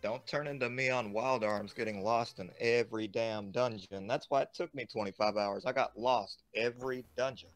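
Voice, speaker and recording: A man talking in slangy, animated chat with a fellow streamer about games and friends. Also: medium pitch, moderate pace, few pauses, faint music behind. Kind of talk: casual gaming stream chat.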